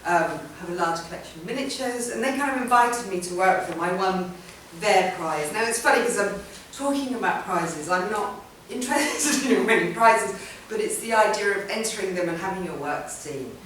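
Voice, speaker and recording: A woman's voice: mid-range voice, lively intonation, moderate pace, hardly any pauses, fairly bright tone, slight background noise. A woman artist giving an informal public talk about her work, chatty and rambling, with many ums and restarts. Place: event room or hall. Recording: roomy hall sound from a distant mic.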